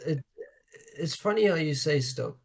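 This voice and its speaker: A man co-hosting a podcast, easygoing and halting in casual chat. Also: a little high, animated, vocal fry, slightly rough. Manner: easygoing, hesitant, halting phrasing. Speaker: podcast co-host.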